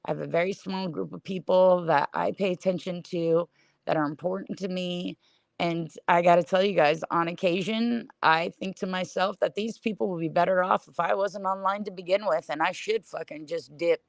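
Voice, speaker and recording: A woman's voice: fairly low pitch, fairly even intonation, moderate pace, creaky, dry recording. A middle-aged woman streaming a blunt, scornful rant, swearing in nearly every sentence. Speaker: livestreamer. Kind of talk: profane livestream rant.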